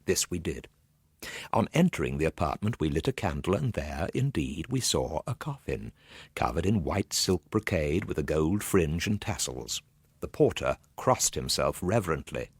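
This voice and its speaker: Low husky guy telling a creepy story, dry close sound, pitch going all over. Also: sing-song, moderate pace, no echo. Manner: tense, swinging from low murmurs to urgent bursts. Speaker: narrator. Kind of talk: dramatic storytelling narration.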